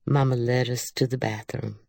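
A woman narrating a literary audiobook in a measured, unhurried reading. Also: a bass voice, fairly even intonation, creaky, dark tone, no room sound.

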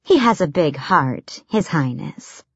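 A woman's voice: sits low, sing-song, takes it slowly, slightly rough, dry recording, dull audio, exaggerated voice. A woman voicing a bold, motherly older woman servant who scolds and fusses. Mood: fussy, scolding. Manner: scolding, fussy.

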